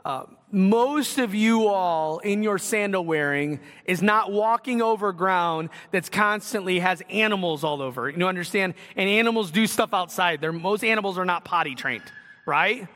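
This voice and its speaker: A pastor from Northwest Ohio preaches in a high, pushed, bright voice at normal speed. He's earnest and conversational, putting direct questions to his congregation, and the audio carries long hall reverb.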